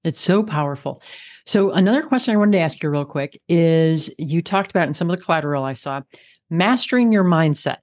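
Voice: mid-range voice, lively intonation, brisk, no echo. A podcast host who responds to the guest with brief, affirming reactions and asks questions. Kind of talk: podcast interview.

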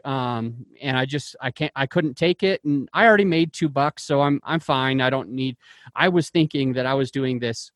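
A man's voice: mid-range voice, dry recording, studio quality. A man who invests in real estate, telling personal stories in an interview in an earnest way, often restarting his sentences. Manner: earnest, with frequent restarts and fillers.

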